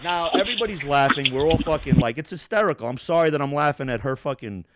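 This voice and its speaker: Talking fast in a fairly high pitch, this man hosts a laid-back podcast conversation. The recording is clean studio audio with no room sound, and he laughs and curses his way through an animated story.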